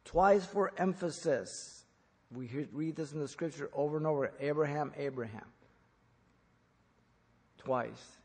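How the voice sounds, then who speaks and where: A man preaching an expository sermon in church, emphatic, rising to loud peaks when quoting. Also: a little high, measured pace, long pauses, husky, big-room sound. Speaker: pastor.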